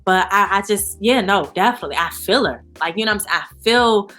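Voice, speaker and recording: A woman speaking as an interview guest in a candid, animated way, full of "you know" and "like". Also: mid-range voice, brisk, faint music behind. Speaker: guest, founder of a support organization. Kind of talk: casual interview chat.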